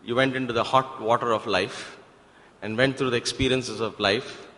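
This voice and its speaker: A man voicing a calm, wise mother who gently questions her daughter. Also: medium pitch, moderate pace, long reverb tail, lightly acted. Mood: patient.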